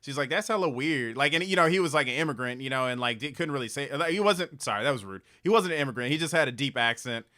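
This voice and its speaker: A young man co-hosting a casual podcast, telling stories in a relaxed way and swearing casually. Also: medium pitch, fast, few pauses. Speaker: podcast co-host. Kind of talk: casual storytelling chat.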